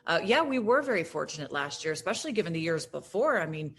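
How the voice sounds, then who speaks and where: Lively woman chatting about football. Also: on the low side, fast, slight background noise. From Florida. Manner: animated, talks with frequent fillers and restarts. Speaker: guest broadcaster. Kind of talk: casual podcast chat.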